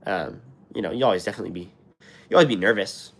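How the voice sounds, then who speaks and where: A young American man hosts a live stream, reading comments and chatting in a rambling way full of fillers and restarts. His voice is fairly low, fairly bright, and quick, with a scratchy, sore throat from being sick.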